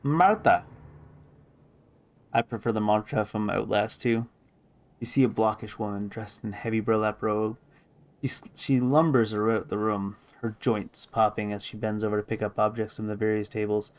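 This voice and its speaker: A man's voice: lowish voice, flat delivery, normal speed. A man streaming a video game, reading its story text aloud with musing asides.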